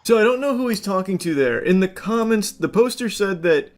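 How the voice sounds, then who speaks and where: A man's voice: high-pitched, lively intonation, fairly quick. A young man streaming, casually commenting on a clip, rambling with fillers and casual swearing.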